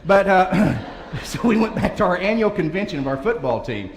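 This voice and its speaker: A man's voice: high voice, very animated, moderate pace, slight background noise. Folksy man speaking in an echoey hall. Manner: folksy storyteller, chuckling often. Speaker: motivational speaker. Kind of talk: humorous banquet speech. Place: large banquet hall. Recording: echoey hall recording with faint ambience.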